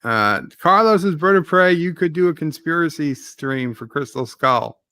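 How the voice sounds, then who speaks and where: A man's voice: on the high side, expressive, moderate pace, pushed and bright, smooth, no echo. A man hosting a live movie watch-along stream, chatting casually and reading viewer messages aloud while still getting over an illness. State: recovering from illness.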